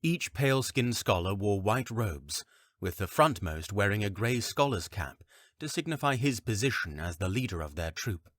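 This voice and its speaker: A man narrating a fantasy audiobook in a calm, even, deliberate reading style at a close mic. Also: lowish voice, dry recording.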